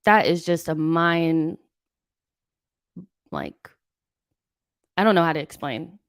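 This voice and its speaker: A young woman hosts a live football watchalong, reacting in exasperation and reading viewer messages aloud. Her voice sits fairly low. The sound is close and dry. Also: slow, clear, resonant tone, dry recording. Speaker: host of a football watchalong stream. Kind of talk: live watchalong commentary and chat.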